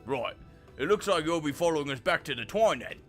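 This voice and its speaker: A man's voice: a little high, fairly quick, faint music behind. A man voicing a chatty, trolley-obsessed male miner in a game, with a put-on Cockney accent. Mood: hearty. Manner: lively, hearty storybook delivery. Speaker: streamer reading game dialogue. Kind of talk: voicing video game dialogue.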